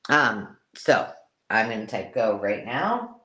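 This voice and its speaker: A woman hosting a live-stream craft sale, chatty and excitable, counting items aloud as she shows them. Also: very deep voice, slow pace. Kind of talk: casual live-stream selling chat.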